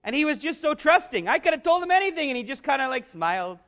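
High, bright-voiced preacher man. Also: very animated, fast talker. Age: adult, father of young children. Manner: earnest, rising to shouts on key lines. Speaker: pastor. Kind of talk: sermon.

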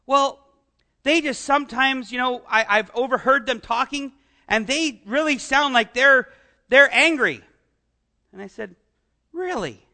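A man delivers a conversational sermon in a strikingly high voice. His tone is bright and sharp as he poses rhetorical questions and chuckles between points. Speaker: pastor.

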